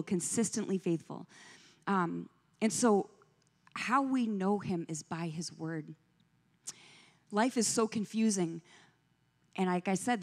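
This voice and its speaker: Woman preaching in a reverberant church. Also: medium pitch. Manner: storytelling, asks the audience questions. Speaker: guest speaker, pastor's wife. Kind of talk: conversational sermon. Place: church sanctuary, indoors. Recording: long reverb of a church hall.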